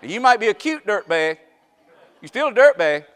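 A high-pitched male preacher delivers a dramatic sermon. He jumps from loud, mocking exclamations to hushed, drawn-out lines. His voice rings with the long reverb of a church hall. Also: very animated, clear, resonant tone. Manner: dramatic, swings from shouting to hushed, mocking asides.

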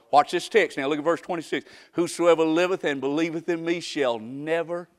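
A man preaching a folksy sermon that swings from quiet talk up to shouting. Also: on the high side, fairly even intonation, a little fast, few pauses, clean tone.

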